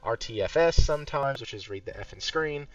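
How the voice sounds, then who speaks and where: A man's voice: mid-range voice, expressive, fairly quick, far from the mic, dull audio, soft background music. A man hosting a casual gaming podcast, laughing often and swearing casually while he tells stories. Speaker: podcast host. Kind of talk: casual chat.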